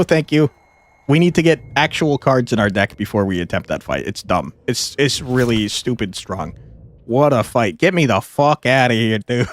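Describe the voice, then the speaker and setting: A man's voice: medium pitch, no echo. A man streaming a card game, giving casual gameplay commentary, often exasperated, swearing and laughing.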